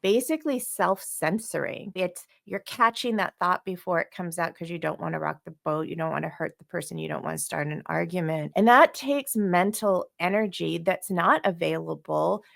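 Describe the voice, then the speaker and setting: A woman's voice: lowish voice, normal speed, vocal fry, hardly any pauses. A woman co-hosting a podcast, explaining relationship ideas in a thoughtful, conversational way with light laughs. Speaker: podcast co-host.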